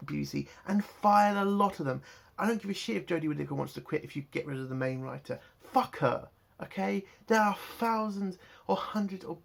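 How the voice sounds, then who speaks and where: A man's voice: fairly high pitch, gravelly, breathy edge. A man, ranting angrily and swearing heavily as he reviews a TV episode. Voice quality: heavy swearing, heated ranting. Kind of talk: angry solo review rant.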